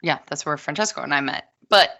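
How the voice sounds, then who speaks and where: A woman with a deep, fairly quick voice, vocal fry and a sharp tone is a guest on a podcast. She chats casually and at length, long-winded and full of asides.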